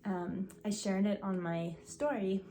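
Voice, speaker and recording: A woman's voice: medium pitch, fairly even intonation, measured pace, warm tone, a little hiss or hum. Chatty woman talking to camera. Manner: chatty, restarts sentences, says um and like. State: gets out of breath when excited. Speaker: video creator. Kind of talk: casual vlog monologue.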